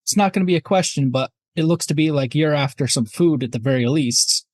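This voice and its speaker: A tabletop player voicing a male investigator who talks calmly and reassuringly in long run-on sentences. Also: medium pitch, a little fast, no echo, close to an everyday voice. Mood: wry. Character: adult man investigator, calm and placating.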